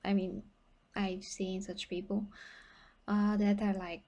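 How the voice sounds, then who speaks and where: A woman's voice: mid-range voice, level tone, slow, mellow. A young woman chats to her viewers about getting fit. She is blunt and talkative, with a lot of fillers and restarts. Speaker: fitness vlogger. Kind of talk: casual livestream talk to viewers.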